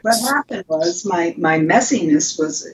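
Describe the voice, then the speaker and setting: An older woman, a designer and guest on an interview podcast, telling lively stories about her career with frequent restarts. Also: a little slow. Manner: animated storytelling with restarts. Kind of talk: conversational interview. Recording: lo-fi with faint rumble.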